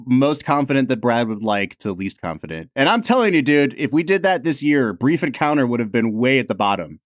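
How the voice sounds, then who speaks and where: A man co-hosting a podcast in casual chat, earnest and excitable, filling his talk with "like". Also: medium pitch, fairly quick, no room sound, studio quality. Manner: earnest, excitable, says "like" a lot. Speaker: podcast co-host.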